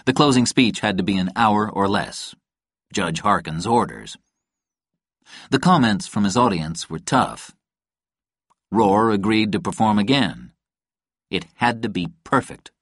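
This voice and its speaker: A man reading a novel aloud in a calm, even storytelling manner. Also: fairly low pitch, a little slow, long pauses, slightly rough, no room sound, studio quality. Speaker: audiobook narrator. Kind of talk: scripted narration.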